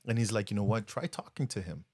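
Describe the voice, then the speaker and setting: With a fairly low voice and a fast delivery, a man co-hosting a podcast tells a story in a casual chat. He's animated, dramatizing the quotes as he goes.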